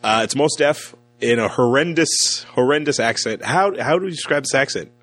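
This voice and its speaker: A man's voice: medium pitch, expressive, moderate pace, fairly bright tone, faint music behind. A man co-hosting a casual movie podcast, wry and laid-back with some swearing. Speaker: podcast co-host. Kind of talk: casual movie review chat.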